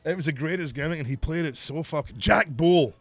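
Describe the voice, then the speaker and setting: A man's voice: a little high, brisk, dry recording. A man, a podcast co-host and former wrestler, telling stories in casual chat, swearing often and laughing as he talks. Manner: profane, laughing, animated storyteller.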